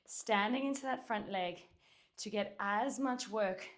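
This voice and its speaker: Speaking a little slowly in a mid-range voice, a woman teaches Pilates with dumbbells at home. She exercises as she instructs, breathless, cueing and counting reps, all picked up by a faraway camera.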